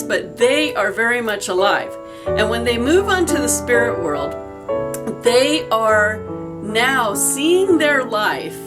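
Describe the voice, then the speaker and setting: Earnest middle-aged woman healer. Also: fairly high pitch. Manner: earnest, personal, rambling with fillers. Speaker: energy healer. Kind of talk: casual spiritual talk to camera.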